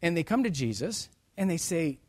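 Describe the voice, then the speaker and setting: A man preaching a sermon in a slightly raised register. He reads scripture in old-style wording, then retells it in plain everyday words. His delivery is dramatic, swinging between loud emphasis and soft asides. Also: fairly high pitch, animated, a little slow.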